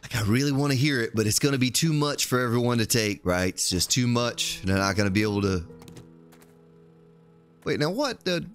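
A man's voice: medium pitch, lively intonation, fairly quick, soft background music. A male game streamer giving live gameplay commentary, talking playfully to himself and to his viewers in the chat.

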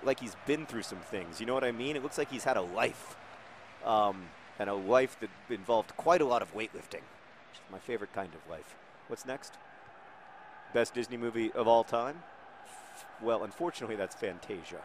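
A man's voice: medium pitch, moderate pace, a little hiss or hum. Man rambling through jokey game commentary. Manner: rambling, jokey, deadpan asides. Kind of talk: casual gameplay commentary.

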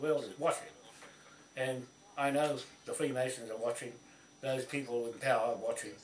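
An older man, delivering an angry, rambling, swearing rant about land and courts. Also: mid-range voice. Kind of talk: angry monologue. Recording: roomy, distant mic.

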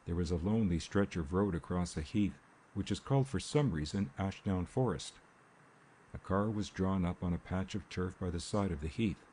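Deep gravelly guy reading an audiobook, dark mellow tone, faint rain in the back. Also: normal speed, a little hiss or hum. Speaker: audiobook narrator. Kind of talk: scripted narration. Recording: faint rain ambience behind.

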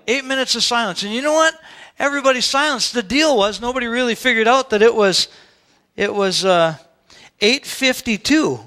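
Male pastor with a high voice, storytelling sermon with a chatty delivery, church setting. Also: bright, forceful tone. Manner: conversational storytelling, with asides to the congregation.

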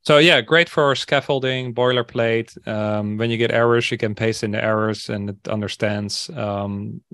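Low-voiced man, casual and thoughtful. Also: steady tone, moderate pace, a bit bright, no echo, clean studio sound. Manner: thoughtful, hesitant, many fillers. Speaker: podcast co-host, developer. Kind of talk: casual podcast chat.

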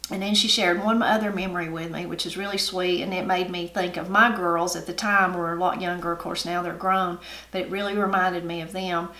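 A middle-aged woman with an Appalachian accent, hosting her channel and telling family stories in a folksy, unhurried way. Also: lowish voice, fairly even intonation, pushed and bright. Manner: folksy, unhurried storytelling with homey grammar. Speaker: channel host. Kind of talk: family storytelling. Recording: roomy echo.

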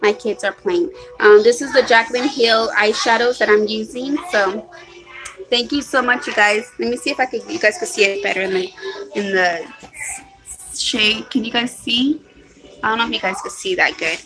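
A woman's voice: a little high, moderate pace, music in the background, poor audio. A woman chatting casually on a home live stream, apologetic and rambling, with lots of ums and restarts. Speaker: vlogger. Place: at home, hot room. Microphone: phone or webcam.

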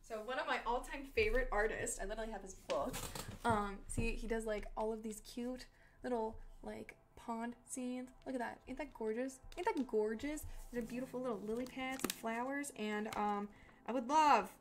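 A woman's voice: fairly high pitch, steady tone, moderate pace, background noise. A young woman chatting casually with her livestream audience as an artist, bubbly and full of "like" fillers. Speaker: artist streaming to chat.

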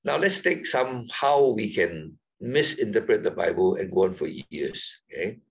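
A man teaching a Bible lesson to a class, emphatic and questioning, jumping up high to stress key words. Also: expressive, a little slow, gravelly, husky, rough recording.

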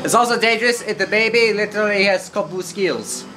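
A man's voice: high-pitched, brisk, music in the background. A man casually commentating over gameplay, joking and riffing, sometimes in mock broken English. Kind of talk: casual let's-play commentary.

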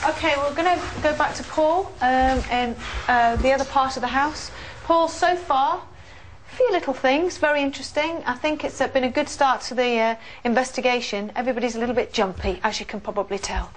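Woman hosting a ghost hunt, excitable, kinda high voice, slips into whispers. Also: fairly quick, a little hiss or hum. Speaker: host leading a séance. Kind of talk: live paranormal investigation.

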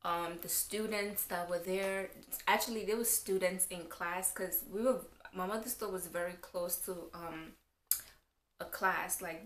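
A woman's voice: fairly low pitch, fairly bright tone. A young woman vlogger telling a personal story in a rambling way, with lots of fillers. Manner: rambling, filler-heavy retelling. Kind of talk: casual storytime. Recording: roomy echo.

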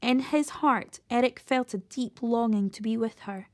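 A woman reading a children's novel aloud, steady, with the odd slip and restart. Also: a little high, unhurried. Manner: steady read-aloud with occasional slips and restarts. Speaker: storyteller reading a children's book.

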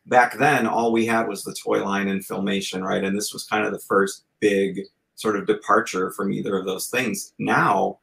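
A man's voice: on the low side, steady tone, normal speed, creaky, few pauses, a bit bright, poor audio. A man in his forties, a podcast guest, telling stories in an earnest, reflective way in casual chat. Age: 40s.

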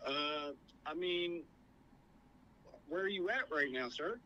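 A man's voice: on the high side, animated, takes it slowly, bright, forceful tone. A man working as an emergency dispatcher on a phone call, who sounds polite and hesitant and leans on lots of fillers. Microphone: telephone.

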